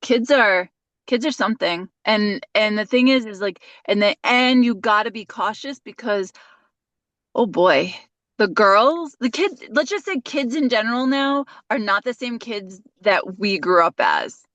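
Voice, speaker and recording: A woman's voice: on the high side, lively intonation, measured pace, fairly bright tone, no room sound, dull audio. Mom in her 40s rambling thru stories on a podcast, restarts a lot, dry close mic. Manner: rambling, chatty storytelling with many restarts. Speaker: podcast co-host. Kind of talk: casual chat.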